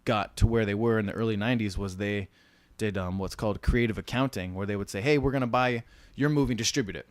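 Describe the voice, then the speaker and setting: A man's voice: on the low side, fast, few pauses, no echo. A man casually telling film-business stories, slipping into mimicked voices for the people he quotes. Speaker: podcast co-host.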